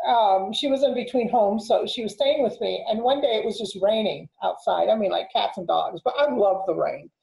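A woman's voice: medium pitch, normal speed, creaky, hardly any pauses, darkish tone. A woman talking casually as a guest, affirming and telling a personal story. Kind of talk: casual conversation. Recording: echoey room.

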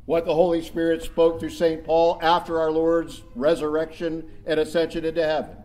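A man's voice: fairly high pitch, little pitch movement, moderate pace, darkish tone. A middle-aged male pastor delivering a sermon in a church, emphatic and conversational, with rhetorical questions.

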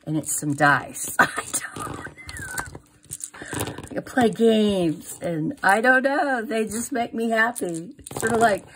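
A woman's voice: fairly high pitch, lively intonation, takes it slowly, fairly bright tone, slight background noise. A middle-aged woman chatting casually through a crafting haul, gushing over each item and trailing off into fillers. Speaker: crafting vlogger. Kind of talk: casual product haul show-and-tell.

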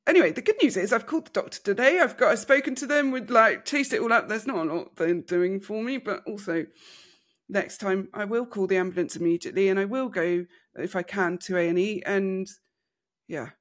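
A woman with a British accent, a podcast co-host telling a candid personal story, animated and laughing through hard memories. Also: mid-range voice, brisk. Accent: British English.

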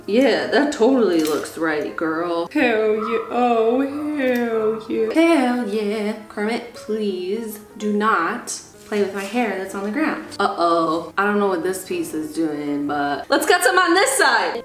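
A woman in her thirties hosting a casual comedic vlog, playful and goofy, swearing and breaking into sudden loud outbursts. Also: medium pitch, animated, slow pace. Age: 30s. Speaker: vlogger host. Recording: roomy echo, faint music.

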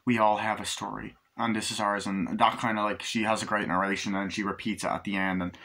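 A young man giving a casual spoken film review, rambling and acting out scenes in quick impressions. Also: on the low side, little pitch movement, sharp tone. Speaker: movie reviewer.

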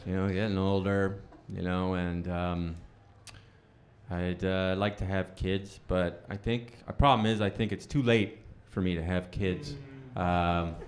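A man's voice: sits low, fairly even intonation, measured pace, heavy background noise. A man in his thirties doing a stand-up comedy set in a bowling alley venue, telling stories animatedly and acting out the dialogue in shifting voices. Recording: roomy live venue with crowd laughter.

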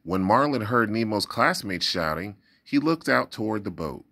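A man narrating a children's storybook aloud with expressive, dramatic delivery. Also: lowish voice, moderate pace, vocal fry. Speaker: storybook reader.

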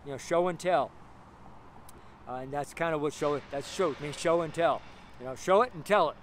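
A male street preacher delivers a fervent sermon outdoors and acts out the scripture scenes in character voices. His voice sits a little higher than most men's, and faint city traffic hums behind him. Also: moderate pace.

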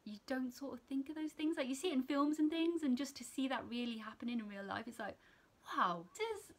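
Chatty young woman vlogger, high voice. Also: fast talker. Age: young adult. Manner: chatty, animated, sidetracks and laughs often. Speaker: student nurse vlogger. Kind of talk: casual storytelling to camera.

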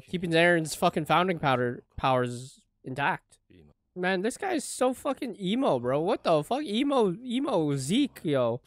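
A man reacting to an anime episode as he watches, excitable and profane, swinging between loud outbursts and hushed remarks. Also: sits high, no echo, clean studio sound. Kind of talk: live reaction commentary.

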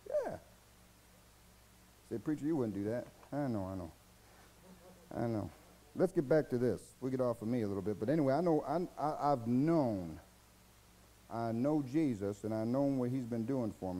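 A man preaching a sermon as pastor, in a folksy, colloquial way, dropping to low murmurs and then rising to loud, high bursts. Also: low-quality recording.

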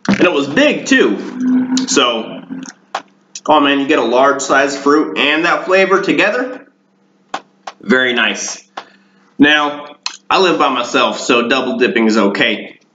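A man hosting a casual home cooking vlog, rambling and deadpan with dark jokes, talking in his kitchen. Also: medium pitch, slow pace, long pauses, a little hiss or hum. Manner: deadpan, darkly joking, rambling. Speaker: home cooking show host. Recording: echoey room, dull lo-fi sound.

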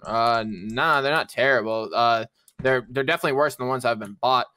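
A man's voice: medium pitch, a little fast, pushed and bright, no room sound. A man playing a real estate agent in casual roleplay chat, offhand and swearing freely.

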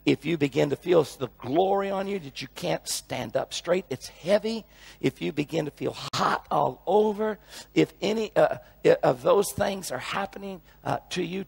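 An older man preaching a sermon, telling a revival story that swings from quiet asides to loud shouting. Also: on the high side, creaky, breathy edge, no echo. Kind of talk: sermon with testimony.

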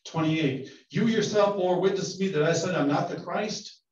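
A man, a pastor, leading a relaxed Bible study, joking and asking the group questions as he teaches. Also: high-pitched, normal speed. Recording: roomy, distant, dull sound.

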